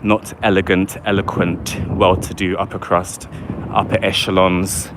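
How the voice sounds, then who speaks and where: Low-voiced guy chatting away on a live walkabout, faint traffic hum outside. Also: flat delivery, unhurried. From London, England. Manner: chatty and rambling, keeps asking "do you know what I mean". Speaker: livestreamer giving a walking tour. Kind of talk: casual live walking vlog. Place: outdoors in a city park by water.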